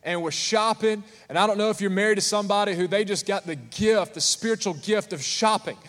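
A male pastor with a high voice delivers a lively, humorous sermon and keeps calling out to the congregation. His voice carries a long reverb from a large church hall. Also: fairly quick. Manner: animated, calls out to the congregation.

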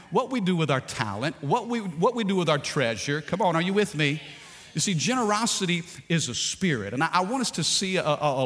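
A man's voice: fairly high pitch, a bit bright. A man pastor preaching a sermon to a congregation, joking and calling for responses. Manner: jokey, talks to the congregation, repeats himself. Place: church sanctuary. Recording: long hall reverb.

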